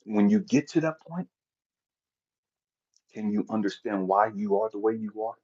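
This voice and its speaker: Male motivational speaker, raw and profane, lively pitch swings, husky, dull lo-fi sound. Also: normal speed. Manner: intense, profane, preacher-like cadence with big swings in loudness. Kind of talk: impassioned motivational monologue. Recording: dull lo-fi audio.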